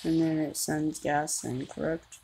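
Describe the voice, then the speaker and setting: A woman gamer rambles through chatty commentary on her game, making fun of herself as she goes. Her voice sits low, gravelly and dark, with a level tone and slightly slow delivery; a little hiss or hum runs underneath.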